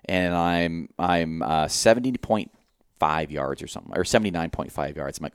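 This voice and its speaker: Deep smooth-voiced man telling a hunting story. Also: normal speed, no room sound, clean studio sound. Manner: animated storytelling, swears freely, acts out his own thoughts. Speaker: podcast co-host.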